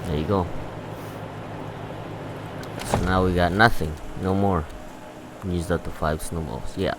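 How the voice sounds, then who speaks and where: A man's voice: low voice, steady tone, measured pace, background noise. A man giving laid-back, rambling gameplay commentary, swearing freely as he plays. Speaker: gameplay streamer.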